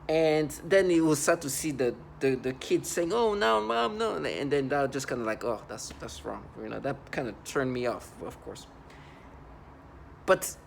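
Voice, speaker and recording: A man in his thirties with a slightly higher-than-usual voice talks to the camera in a rambling, halting way, sounding aggrieved. There is a faint background hiss. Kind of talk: personal monologue to camera.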